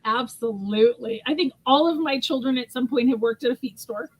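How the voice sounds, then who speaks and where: Brief: high-voiced American woman, ranch show host, animated storyteller. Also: fairly quick, rough recording. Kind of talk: casual chat.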